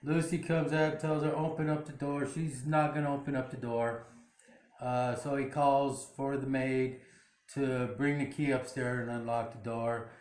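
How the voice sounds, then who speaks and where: A man's voice: medium pitch, level tone, unhurried, a little mellow, echoey room. A man hosting his own channel, casually retelling a drama episode with lots of fillers and restarts. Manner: rambling, many fillers and restarts. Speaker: channel host. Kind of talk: casual plot recap.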